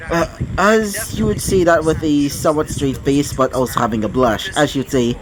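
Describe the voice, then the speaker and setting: Halting male storyteller over background noise. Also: mid-range voice. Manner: halting, full of fillers and self-corrections. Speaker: fan-fiction reader. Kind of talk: improvised story narration.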